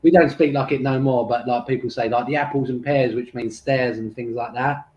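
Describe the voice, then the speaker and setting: Guest with a London accent, soft-spoken and unsure, heard over an echoey, dull remote line. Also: male voice, medium pitch, steady tone, a little fast, slight background noise. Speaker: guest sculptor. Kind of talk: casual chat.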